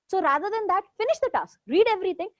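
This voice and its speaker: High-pitched Indian woman coaching a class. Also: lively intonation, fast talker, no room sound, studio quality. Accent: Indian English. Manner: instructive, coaxing students to try. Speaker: exam coaching teacher. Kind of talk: classroom coaching mixing English and Hindi.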